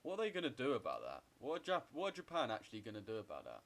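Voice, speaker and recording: A young man in his twenties speaks with an average-pitched voice. He rambles in loose, swear-heavy banter as he trades live and answers his viewers' chat. The delivery is offhand and conversational. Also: huge pitch swings, racing, a bit bright. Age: 20s. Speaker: trading streamer. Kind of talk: casual livestream chat while trading.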